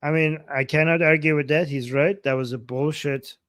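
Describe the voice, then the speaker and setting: A man hosting a heated political livestream rants and swears, repeating phrases emphatically for force, and reads out viewers' super chats. His voice is on the high side, steady, at a normal speed and a bit bright, in a dry recording.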